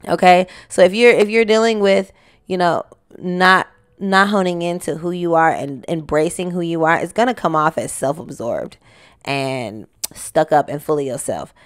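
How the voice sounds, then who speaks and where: Animated woman hosting a solo podcast. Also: fairly low pitch, normal speed, clean tone. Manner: animated, talks to listener directly, sings snippets. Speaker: podcast host. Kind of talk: casual solo podcast talk.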